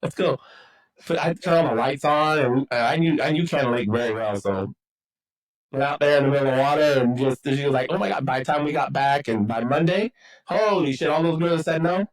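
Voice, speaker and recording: A middle-aged man from Texas swaps stories in a relaxed podcast chat. He rambles, swears freely and acts out the lines of the people in his tales, and his pitch sits in the ordinary middle range. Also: a little fast, a crowd in the background, poor audio. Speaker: podcast guest, football coach. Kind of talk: casual storytelling.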